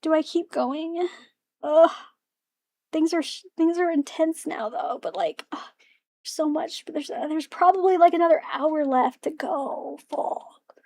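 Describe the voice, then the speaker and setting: A woman's voice: sits high, unhurried, a little mellow, no echo. A young woman streaming a game, chatting to herself with giggles, sighs and swearing. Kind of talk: casual livestream commentary.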